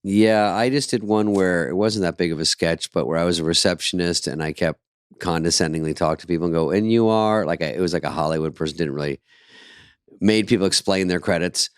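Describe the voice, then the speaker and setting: A man co-hosting a podcast in casual chat, wry and quick with profane asides. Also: low-pitched, fairly even intonation, clear, resonant tone, dry recording, clean studio sound. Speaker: podcast co-host.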